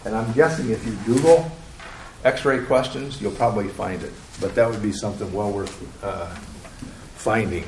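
A counseling instructor with a lowish, darkish-toned voice speaks at a moderate pace. He asks his class questions and acts out replies people give, recorded in a roomy classroom with faint noise.

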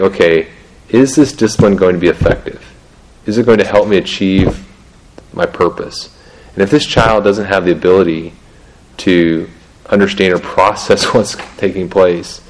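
A middle-aged man talking through parenting in a casual, halting way, restarting sentences often and laughing at himself. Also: deep voice, rough recording. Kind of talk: casual teaching talk on parenting.

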